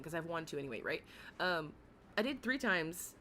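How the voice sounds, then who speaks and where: A young adult woman with a raspy voice, chatting casually and rambling on a livestream, often giggling, with many fillers. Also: deep voice, sing-song, moderate pace, bright, forceful tone, a little hiss or hum. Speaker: livestream commentary host.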